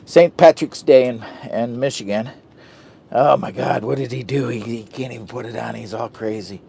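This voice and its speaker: A man's voice: mid-range voice, moderate pace, vocal fry, warm tone, a little hiss or hum. A man chatting casually to the camera while camping in a hot tent, goofy and loopy, joking about himself in the third person. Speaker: camping vlogger. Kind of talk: casual vlog chat to camera.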